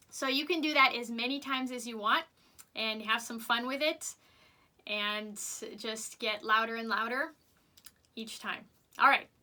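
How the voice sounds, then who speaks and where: A woman teaching vocal warm-ups to kids, upbeat and patient as she shows each exercise aloud. Her voice is very bright and sits a little high. She talks slowly, giving every instruction time to land. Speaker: music teacher.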